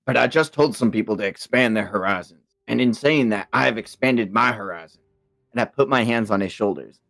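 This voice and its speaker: A man playing his character in a tabletop game, talking in an excitable, rambling way. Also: on the low side, fairly quick, gravelly, no room sound. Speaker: player. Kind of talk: in-character tabletop role-play.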